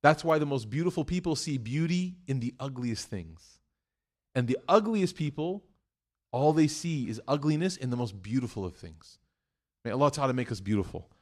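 At a medium pitch and moderate pace, a man gives a storytelling sermon as a preacher. He jokes and animatedly acts out voices in his stories, then shifts to earnest exhortation.

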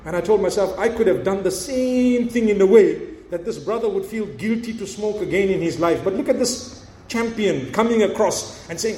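A man preaching a sermon, telling a story and acting out the dialogue in an animated way. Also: high voice, moderate pace, echoey room, a little hiss or hum.

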